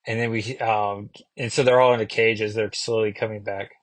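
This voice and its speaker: A man's voice: on the low side, little pitch movement, a little fast, few pauses, no echo. A man giving a casual, rambling comic book review, full of fillers and self-corrections.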